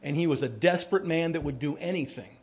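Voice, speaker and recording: A male pastor preaching a sermon to his congregation, telling the story dramatically and swinging from hushed to booming. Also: fast talker. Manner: speaks directly to the congregation.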